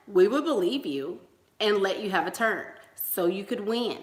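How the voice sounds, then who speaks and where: A chatty, emphatic woman talks slowly and loosely on a home livestream, her voice bright and a little forceful. She laughs between thoughts and leans hard on key words. The room around her is echoey. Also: a little high, animated. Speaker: relationship coach. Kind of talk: casual livestream chat.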